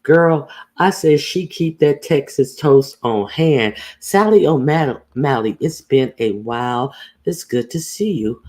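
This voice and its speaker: A woman's voice: rumbling low, lively intonation, slow, mellow. A woman hosting a casual livestream, greeting viewers by name and talking bluntly with plenty of profanity. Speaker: livestream host.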